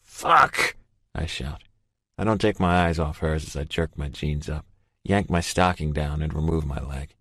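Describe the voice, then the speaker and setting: A man narrating a first-person romance audiobook in a steady, measured way. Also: very deep voice, no room sound, clean studio sound.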